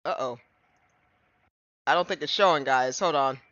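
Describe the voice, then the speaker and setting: A man's voice: medium pitch, normal speed, bright, forceful tone, dry recording, muffled recording. A man streaming a game live, chatting casually and rambling to his chat between fits of giggles.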